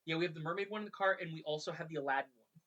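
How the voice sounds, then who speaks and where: A podcast host walks through a video game's story in an easy, chatty retelling. The voice sits at a middle pitch, and the telling stays lively, with brief dips into character voices. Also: dull audio. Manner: chatty and animated, drops into quick character voices.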